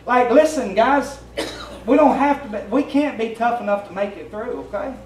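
A man's voice: very high voice, moderate pace. A man with a Southern US accent preaching a plainspoken, folksy, conversational sermon as pastor. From Tennessee. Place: church sanctuary. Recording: roomy church sound from a distant mic, faint hum.

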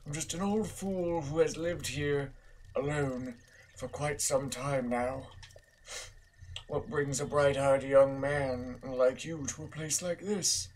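A man's voice: medium pitch, fairly even intonation, takes it slowly, voice pushed up. A man voicing a polite, teasing old male hermit in formal phrasing while reading game dialogue aloud. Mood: courtly.

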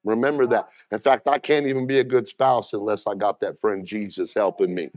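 A man's voice: fairly low pitch, fairly even intonation, fairly quick, a little mellow, no room sound, studio quality. A middle-aged man preaching a sermon as pastor, talking plainly and directly to the congregation and calling for responses.

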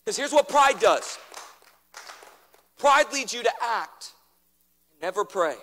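A man preaching a sermon as pastor, building through repeated refrains and dropping suddenly to a hush. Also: very high voice, animated, slow pace, long reverb tail.

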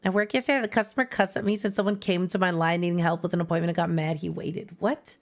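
A young woman streaming, chatting casually and playfully while running a party game with friends, loud and excitable. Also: lowish voice, fast, hardly any pauses, soft background music.

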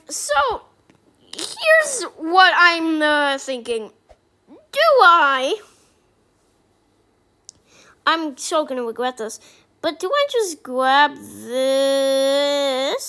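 A woman giving casual gameplay commentary as a YouTuber, talking through her choices and turning excitable when she gets lucky. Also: sits high, slow. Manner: excitable, squealing with joy. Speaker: gaming YouTuber.

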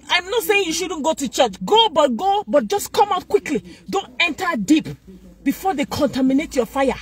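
Fervent high-voiced woman preacher. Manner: fervent, exhorting, repeats lines for emphasis. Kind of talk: sermon.

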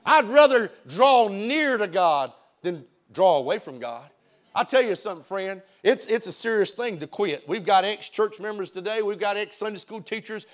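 A man, a pastor preaching an emphatic sermon in a church and often repeating his words. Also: high-pitched. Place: church sanctuary.

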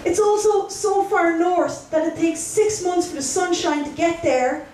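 A woman's voice: very high-pitched, measured pace, a little mellow, a little hiss or hum. A young Irish woman doing a stand-up routine, chatty and self-mocking, talking straight to the crowd. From Ireland. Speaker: stand-up comedian. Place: comedy club stage. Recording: roomy live gig from a distance.

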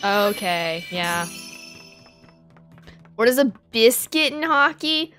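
A woman's voice: fairly high pitch, slow pace, long pauses, soft background music. A woman live-streaming a game, chatting casually with her viewers and laughing often. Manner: giggly, animated, reads and answers chat. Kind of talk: casual live-stream chat while gaming.

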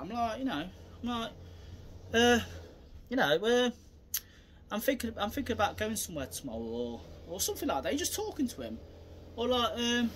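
A man giving a rambling, repetitive self-defence demonstration, acting out scenes and bursting into shouted sound effects. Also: very high voice, big pitch swings, normal speed, pauses often, a little hiss or hum. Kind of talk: casual demonstration talk.

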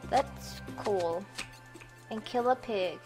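A woman's voice: mid-range voice, extremely slow. A young woman giving chatty gameplay commentary, easily startled and swearing when frustrated. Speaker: gaming youtuber. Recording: faint game music behind.

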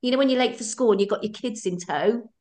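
A woman's voice: a little high, quick pace, a little mellow. A middle-aged woman, a runner guest telling her stories in a chatty, laughing way. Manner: chatty, laughs often, acts out her own thoughts. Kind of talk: casual storytelling interview.

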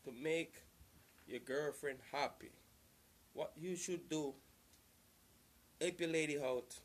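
Earnest man, slightly high voice. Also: slow. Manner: repetitive, loose and earnest, circling back to the same points. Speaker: vlogger giving relationship advice. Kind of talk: casual advice monologue.

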